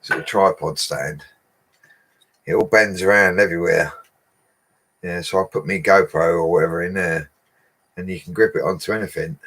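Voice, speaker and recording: A man's voice: deep voice, a bit bright, slightly rough. A man, chatting casually on a livestream, reading viewers' comments and laughing often. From England. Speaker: bricklayer livestreamer.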